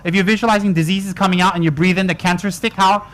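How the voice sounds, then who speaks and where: A man's voice: high-pitched, steady tone, a little fast, few pauses, fairly bright tone. A man giving a joking, colloquial dharma talk to retreat students. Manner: joking, teasing, colloquial asides. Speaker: Buddhist teacher.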